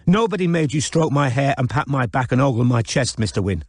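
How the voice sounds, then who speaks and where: A man voicing a tense young woman who turns fierce, speaking clipped and shouting in an audiobook. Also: medium pitch, expressive, a little fast, no room sound, studio quality, pitched above the performer's own voice, lightly acted. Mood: furious. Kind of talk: audiobook character voice.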